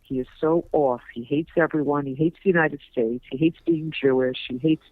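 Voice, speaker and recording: An older woman on a recorded phone call, chatting in a rambling, hesitant way with a gravelly voice. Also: deep voice, steady tone, normal speed, dry recording. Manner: rambling, hesitant, with many fillers. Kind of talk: casual phone chat. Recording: tinny wiretapped phone line, dry.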